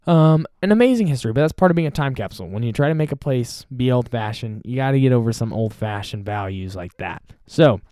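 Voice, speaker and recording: A man's voice: mid-range voice, mellow, dry recording, clean studio sound. A man hosting a podcast, talking on his own in a chatty, playful way and joking about himself. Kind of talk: casual solo talk.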